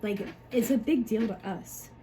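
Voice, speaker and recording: A woman's voice: on the high side, unhurried, dark tone, slight background noise, rough recording. A woman, a mother, talking to camera in a rambling, frustrated way, full of fillers and swearing. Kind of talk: emotional personal monologue.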